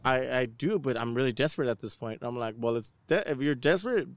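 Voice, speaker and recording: A man's voice: medium pitch, fast talker, no echo. A young man co-hosting a casual chat, telling rambling crude stories full of slang and swearing. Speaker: podcast co-host.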